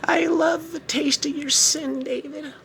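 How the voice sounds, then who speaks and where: A man voicing a gloating evil female witch who cackles and taunts slowly. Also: very high-pitched, steady tone, bright, forceful tone, slight background noise, voice pushed up, exaggerated voice. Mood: taunting.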